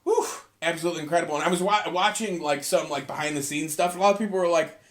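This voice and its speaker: A young solo podcast host, worn out from cleaning, launches into a loose, casual rant full of swearing. His voice sits on the high side, a bit bright, and he talks fast.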